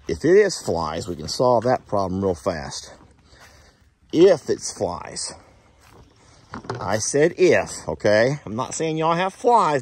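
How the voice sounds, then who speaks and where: A man's voice: on the low side, slight background noise. A man talking through a casual farm vlog outdoors, chatting with his animals. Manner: chatty, talks softly to the animals. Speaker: farm vlogger.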